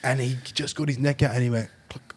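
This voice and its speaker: An Australian man hosting a podcast, chatting casually and telling animated stories, swearing freely. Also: mid-range voice, brisk, slightly rough. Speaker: podcast host. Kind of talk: casual chat.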